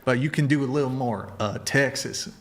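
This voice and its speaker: A man's voice: medium pitch, moderate pace. A man hosting a casual panel chat, joking, crude and self-deprecating. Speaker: host.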